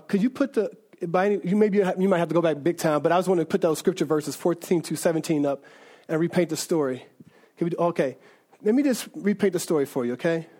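A preacher giving an informal, conversational sermon who checks in with the audience often and restarts sentences a lot. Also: medium pitch. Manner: animated, conversational, keeps asking the audience "right?"; frequent restarts and self-corrections.

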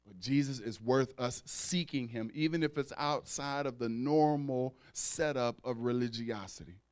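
Smooth-voiced man preaching conversationally. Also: medium pitch, measured pace, a little mellow. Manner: conversational preaching with call-outs to the congregation; acts out dialogue in raised voices. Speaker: pastor. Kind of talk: sermon.

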